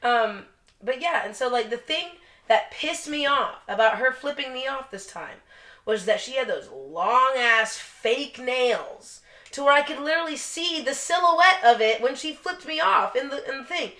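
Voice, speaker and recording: A woman's voice: high-pitched, animated, moderate pace, bright, forceful tone. A young woman co-hosting a podcast, telling a blunt, profanity-heavy story in casual chat. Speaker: podcast co-host. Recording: roomy echo.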